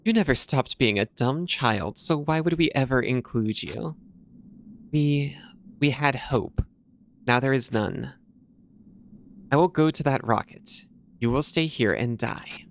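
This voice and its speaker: A man's voice: medium pitch, a little slow, long pauses, close to an everyday voice. A man voicing a cold, imperious mother ruler. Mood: cold fury. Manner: stately, formal, condescending. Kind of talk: reading game dialogue aloud.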